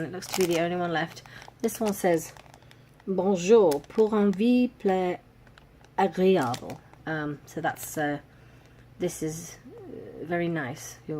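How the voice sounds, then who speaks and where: A woman chats her way through a craft subscription box in a relaxed, amused way, laughing softly at the cute contents. Her voice sits a little low. A faint background hiss runs under the home recording. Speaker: crafting vlogger. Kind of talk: casual unboxing chat.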